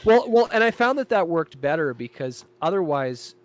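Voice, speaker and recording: A man in casual chat, telling a lively story about directing his show and acting out quoted lines. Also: fairly high pitch, moderate pace. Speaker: guest, creator and director of an audio show.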